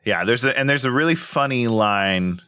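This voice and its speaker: A man's voice: medium pitch, clean tone. A man co-hosting a podcast, chatting casually about a film, laughing often and acting out scenes. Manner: animated, laughs often, acts out scenes in quick quoted voices. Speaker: podcast co-host. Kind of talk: casual movie review chat.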